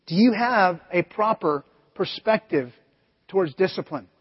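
Middle-aged male pastor, husky high voice, conversational sermon, dull lo-fi church recording. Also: lively intonation, a little slow. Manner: conversational storytelling with acted asides. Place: church sanctuary. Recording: echoey church hall, dull lo-fi audio.

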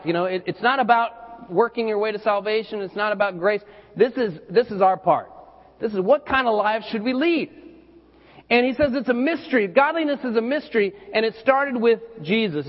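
A man pastor preaching a sermon in a loose, conversational way, often repeating words as he goes. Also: high voice. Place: church hall. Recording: dull lo-fi recording with hall reverb.

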